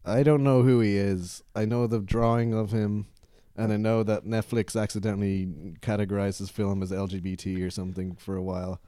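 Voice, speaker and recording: A man on a podcast with a mellow, darker voice, recorded dry and close. He throws in teasing, wry remarks during the chat. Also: fairly low pitch, little pitch movement, normal speed, hardly any pauses, no room sound. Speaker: podcast co-host. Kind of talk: casual chat.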